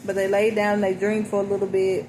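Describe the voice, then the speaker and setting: Her voice sits in the mid range, a little mellow, and she talks fast with a completely flat delivery. The woman reflects casually on song lyrics, explaining them to listeners and regularly checking with "okay?" and "you know." The audio is rough, with noticeable background noise.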